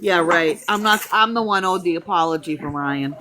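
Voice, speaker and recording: A woman's voice: on the low side, normal speed, a crowd in the background, rough recording. A woman joining a live stream chat, indignant and dismissive as she weighs in on someone's behavior.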